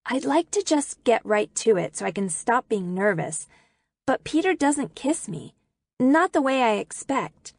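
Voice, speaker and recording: A woman reads a first-person novel aloud at an unhurried pace, her voice catching a gravelly fry now and then. She tells it expressively, and the recording is close and dry, with no room sound. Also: on the high side, big pitch swings, darkish tone, dry recording. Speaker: audiobook narrator. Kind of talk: first-person audiobook narration.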